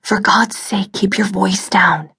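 A woman narrator voicing a nervous, secretive woman staffer in a breathy whisper, in a whispered role-play from an audiobook. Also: fairly low pitch, fairly even intonation, a little fast. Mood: urgent.

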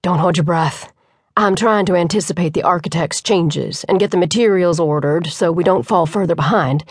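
A woman's voice: on the low side, moderate pace, husky, dry recording, clean studio sound. A woman narrator voicing an earnest, worn-out young man who manages a building site. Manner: earnest, weary. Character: tired, loyal young male site manager.

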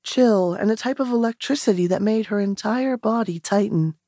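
A woman narrating an audiobook in a measured, steady storytelling manner on a close studio mic. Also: medium pitch, no echo. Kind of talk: scripted narration.

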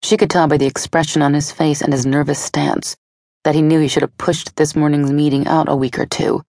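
A woman narrating an audiobook in a steady, even storytelling delivery on a close studio mic. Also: sits low, brisk, no room sound.

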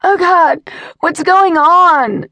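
Woman doing a screaming panicked lady, super high and shrill, dry audiobook sound. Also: very slow, pushed and bright, no echo, full character voice. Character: panicked human woman, terrified, hysterical. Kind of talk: audiobook character voice.

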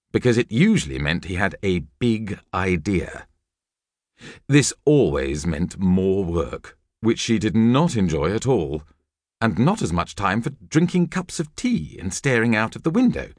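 A man narrating a children's audiobook with lively, expressive storytelling. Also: low-pitched, unhurried, no echo, clean studio sound.

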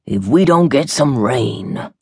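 A woman's voice: extremely low pitch, animated, slow pace, a little mellow, breathy edge, no echo, studio quality, exaggerated voice. Woman voicing a tired old grandfather. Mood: weary.

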